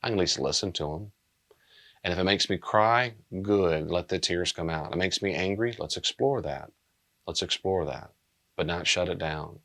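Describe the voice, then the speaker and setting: Male pastor, middle-aged, deep voice, earnest and plain-spoken, subdued delivery. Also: normal speed, fairly bright tone. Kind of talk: pastoral teaching talk.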